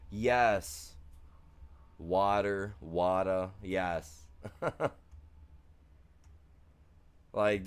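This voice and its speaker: A man from the United States talks casually on a live game stream, his voice sitting low. He rambles from one story to the next in an easygoing, self-deprecating way.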